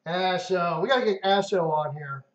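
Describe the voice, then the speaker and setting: Speaking at a moderate pace in a high voice, a live-stream host casually shoots the breeze with his viewers, addressing them as dude and man. His audio comes through muffled and roomy.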